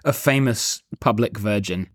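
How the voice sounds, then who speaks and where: A man's voice: on the low side, unhurried, no room sound, studio quality. A man co-hosting a casual podcast, joking and hedging with false starts. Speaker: podcast co-host. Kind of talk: casual chat.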